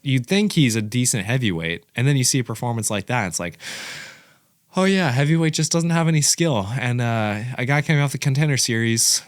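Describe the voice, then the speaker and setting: A man giving casual, excitable commentary as the host of a fight reaction channel, rambling and correcting himself as he goes. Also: medium pitch, a little fast, no echo, clean studio sound.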